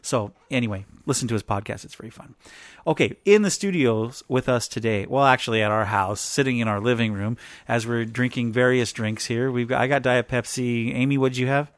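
A man's voice: medium pitch, brisk, no room sound. Joking guy hosting a podcast from his living room, mid voice, rambles a bit. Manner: jokey, chatty, rambling. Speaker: podcast host. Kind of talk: casual chat.

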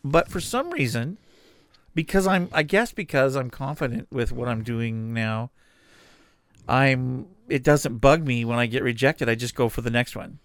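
A middle-aged man co-hosting a podcast in casual chat, animated and jokey. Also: medium pitch, moderate pace, no echo. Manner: animated, jokey, laughs often. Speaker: podcast co-host, freelance voice talent.

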